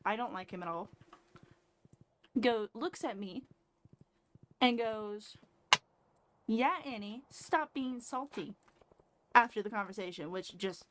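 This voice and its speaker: A woman in her twenties telling a story casually while streaming at home, blunt and sarcastic, swearing freely. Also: medium pitch. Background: faint background music.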